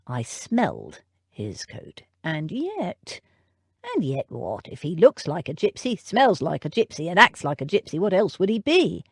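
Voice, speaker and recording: A composed, formal male butler who never loses his polish, as a woman narrator puts him on, his delivery slow and soft-spoken. The lines come measured and unruffled, with a lively rise and fall. It's a dry, close audiobook recording. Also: on the low side, breathy edge, dry recording, heavily acted. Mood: musing. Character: proper older male butler, smooth and composed.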